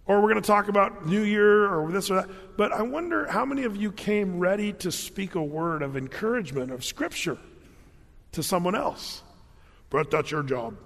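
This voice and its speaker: A man's voice: high-pitched, animated, normal speed, creaky, a bit bright, big-room sound. A man preaching a sermon as pastor, telling humorous personal stories in a conversational way. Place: large church hall.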